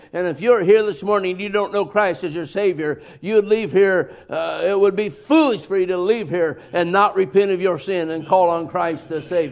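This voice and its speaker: Gravelly-voiced preacher, high and emphatic. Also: male voice. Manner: folksy, emphatic preaching with sudden loud bursts and chuckles. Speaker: pastor. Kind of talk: sermon. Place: church sanctuary.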